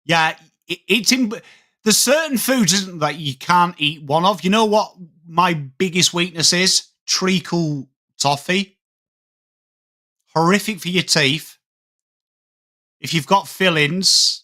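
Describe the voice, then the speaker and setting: A man's voice: fairly high pitch, a little slow. Chatty man streaming footy commentary. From England. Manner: chatty, reads out viewer comments, rises excitedly on plays. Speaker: watchalong streamer. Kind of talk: live game commentary mixed with chat.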